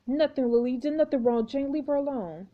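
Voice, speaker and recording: A woman's voice: sits high, fairly quick, highs cut off, lightly acted. Woman voicing an urgent, pleading protagonist. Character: desperate young protagonist begging for friends.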